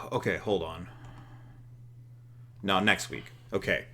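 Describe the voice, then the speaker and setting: A man's voice: low-pitched, steady tone, takes it slowly, sharp tone. A man co-hosting a casual game session, thinking aloud with fillers and jokes. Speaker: co-host. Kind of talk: casual chat while playing a booking game.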